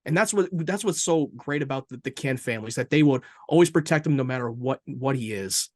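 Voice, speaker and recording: A man co-hosting a casual review podcast, excitable, swearing freely and tripping over his words. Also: mid-range voice, brisk, no room sound, clean studio sound. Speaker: podcast co-host.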